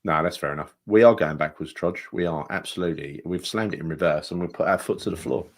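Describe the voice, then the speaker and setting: A man's voice: sits low, quick pace. A man co-hosting a football fan podcast, rambling and swearing as he chats. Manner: rambling, swears often, mock-dramatic. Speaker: podcast co-host. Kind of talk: casual fan chat.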